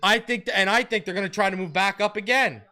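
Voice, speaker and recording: Excited high-voiced man hyping draft picks. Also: fast. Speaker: host of a sports fan channel. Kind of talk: live draft reaction stream.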